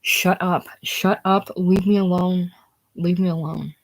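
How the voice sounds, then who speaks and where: A reader voicing a distraught eighteen-year-old young mother, pleading, shouting and whispering by turns, in a casual screenplay reading. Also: mid-range voice, moderate pace, natural voice. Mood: frantic.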